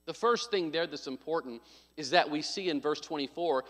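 A pastor with a slightly high, fairly bright voice preaches at normal speed, telling a story full of joking asides and acted-out dialogue. A long hall reverb trails his words.

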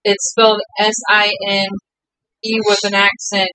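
A woman's voice: mid-range voice, monotone, measured pace, pushed and bright, clear, resonant tone, no room sound, low-quality recording. A woman co-hosting a casual chat, giggly and teasing as she reacts to the others.

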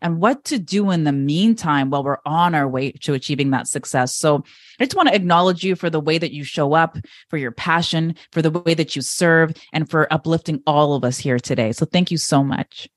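A woman hosting an interview podcast, talking in an upbeat, animated way. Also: deep voice, brisk, no echo, clean studio sound. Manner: lively, upbeat, animated storytelling. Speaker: podcast host.

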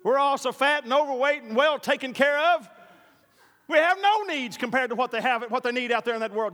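High-voiced preacher in a reverberant hall. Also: male voice, a little fast, fairly bright tone. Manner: emphatic, repeats key lines, folksy storytelling. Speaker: pastor. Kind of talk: sermon. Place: church. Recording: long reverb of a large hall.

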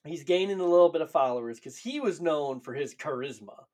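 High voiced dude, swears a lot, cracks up while retelling stuff on a podcast. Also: male voice, brisk. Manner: animated, laughing, profane storytelling. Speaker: podcast co-host. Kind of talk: casual chat retelling lore.

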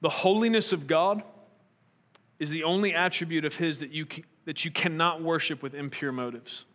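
A man's voice: fairly high pitch, normal speed, a bit bright, big-room sound. A man preaching a sermon, earnest and probing, asking his listeners pointed rhetorical questions.

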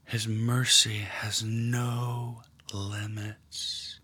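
A man leading a guided prayer meditation, speaking slowly and softly and often dropping to a whisper. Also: lowish voice, level tone, breathy edge. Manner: slow, hushed, often whispering. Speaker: prayer leader.

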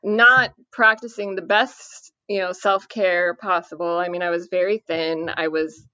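A woman speaking earnestly about parenting a son with addiction, in a measured way with many fillers. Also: on the low side, steady tone, pushed and bright, dry recording. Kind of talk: conversational podcast interview. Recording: dry, muffled lo-fi audio.

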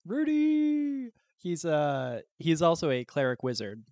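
A young man chatting casually about his tabletop game character and telling animated, casually profane stories. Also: medium pitch, moderate pace, no echo. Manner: animated storyteller, swears casually. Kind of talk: casual podcast chat.

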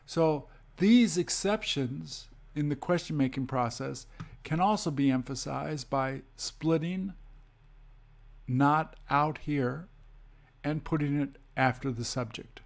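A man teaching English grammar, explaining slowly and methodically and reading example sentences aloud. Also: a little high, vocal fry.

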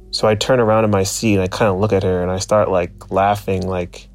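A man's voice: low voice, flat delivery, fairly quick, hardly any pauses, faint music behind. A man casually telling a personal story, reflective and searching for his words. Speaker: guest storyteller.

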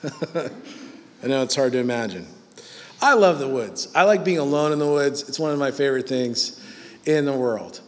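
A man's voice: a little high, big-room sound. A man preaching a sermon in a conversational, emphatic way.

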